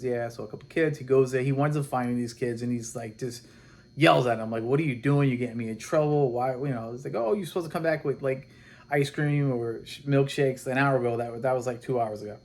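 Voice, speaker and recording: Casual man retelling a comic plot. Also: medium pitch. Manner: rambling and animated, with many restarts and quoted dialogue. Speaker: comic book reviewer.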